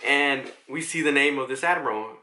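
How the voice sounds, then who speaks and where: A man's voice: medium pitch, normal speed, pushed and bright. A man giving a casual manga chapter recap, rambling, swearing and leaning on fillers. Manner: rambling, filler-heavy, profane.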